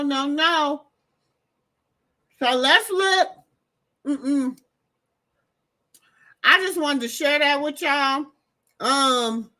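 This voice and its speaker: A woman talks to her livestream audience in a high, bright voice. She takes her time and drives points home by repeating them. Her tone is emphatic and direct. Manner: emphatic, repetitive, addresses viewers as y'all. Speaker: commentary host. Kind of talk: casual livestream commentary. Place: home during a storm.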